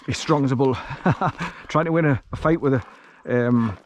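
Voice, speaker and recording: A man's voice: medium pitch, a little slow, slight background noise. Chatty man walking a hill track. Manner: chatty and rambling, with frequent chuckles. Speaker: vlogger walking his dog. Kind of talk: casual walk-and-talk narration. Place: outdoors on a hill track in the countryside. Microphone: action camera carried while walking.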